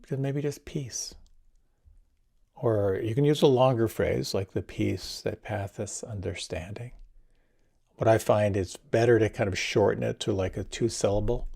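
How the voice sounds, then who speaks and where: Male meditation teacher, low husky voice, gentle and unhurried guidance. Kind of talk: guided meditation talk.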